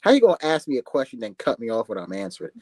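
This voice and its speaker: A man's voice: mid-range voice, sing-song, very fast, darkish tone, no echo. A young man as a guest in casual sports banter, teasing his friend playfully. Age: young adult.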